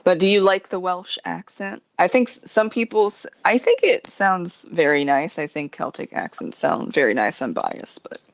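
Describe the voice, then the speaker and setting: A woman's voice: lowish voice, lively intonation, moderate pace, vocal fry, few pauses, dry recording. A woman hosting a podcast, chatting casually, laughing often and swearing freely. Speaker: podcast host. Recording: dry, dull lo-fi sound.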